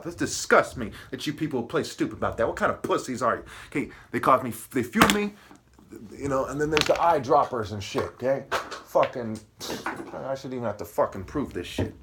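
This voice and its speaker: A man's voice: mid-range voice, lively intonation, fairly quick, pushed and bright, breathy edge. A man ranting to the camera, agitated and profane, hopping from wordplay to accusations and asking "okay?" and "right?" again and again. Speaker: video commentator.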